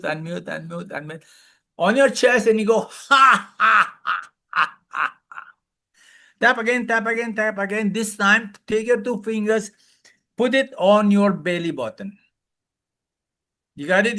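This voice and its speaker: A man coaching a live webinar, loud and playful, calling out repeated commands and leading laughter exercises over a video call. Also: high voice, vocal fry. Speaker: wellness coach, webinar speaker.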